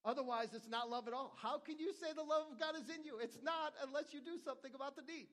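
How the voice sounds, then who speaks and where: A man's voice: extremely high pitch, quick pace, fairly bright tone. A middle-aged male pastor preaching a sermon in an earnest, conversational way, often restarting his phrases.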